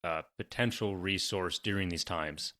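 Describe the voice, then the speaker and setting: Man, very low pitch, bright tone, podcast host, measured questions. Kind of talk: interview questions.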